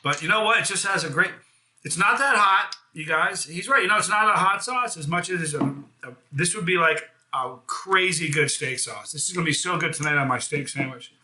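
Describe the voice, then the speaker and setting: Man, American, bright ringing voice, casual live review host, chatty and upbeat, echoey room. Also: a little high, a little fast, a little hiss or hum. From United States. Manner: chatty, enthusiastic, self-deprecating jokes. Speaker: hot sauce reviewer and channel host.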